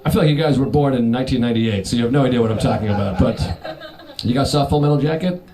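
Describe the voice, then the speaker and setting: A man's voice: medium pitch, very fast. A man doing stand-up crowd work, rambling loosely and teasing the audience. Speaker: stand-up comedian. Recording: live show with audience laughter. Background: audience laughter.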